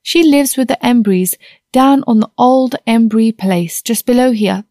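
Woman doing a high, homely country landlady. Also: a little slow, warm tone, no echo, studio quality. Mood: matter-of-fact. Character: homely country landlady, plain-spoken and sensible. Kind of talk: audiobook character reading.

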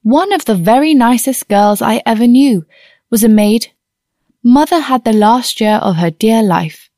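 A woman reading the part of a cheerful, outspoken young woman in an audiobook, bright and breezy. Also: fairly high pitch, expressive, a little slow, no echo, studio quality. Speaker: niece.

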